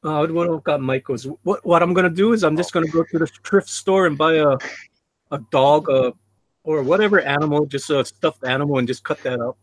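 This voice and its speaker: A man's voice: fairly high pitch, a little fast, dry recording. A man hosting a casual live stream, laughing often and reading out chat comments.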